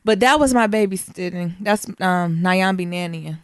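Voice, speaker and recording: A woman co-hosting a podcast in a casual chat, animated and quick to laugh, swearing freely. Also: on the low side, smooth, no echo. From Detroit, USA. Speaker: podcast co-host.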